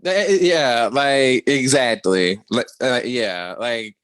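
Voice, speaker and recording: A man co-hosting a casual podcast, colloquial and sassy, reacting with lively asides. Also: mid-range voice, slow pace, dry recording, clean studio sound. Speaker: podcast co-host. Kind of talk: casual chat.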